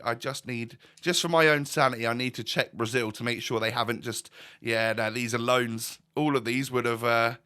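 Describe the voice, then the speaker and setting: Bright-voiced man thinking aloud. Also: medium pitch, smooth. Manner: chatty, thinking aloud, asks viewers. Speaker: gaming YouTuber. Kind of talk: casual commentary over gameplay.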